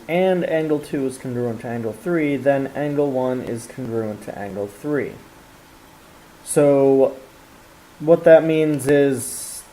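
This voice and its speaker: A math teacher with a mellow, warm, medium-pitched voice walks through a recorded geometry lesson step by step at a measured pace, with small fillers and restarts. The audio is poor, with a faint hiss running underneath.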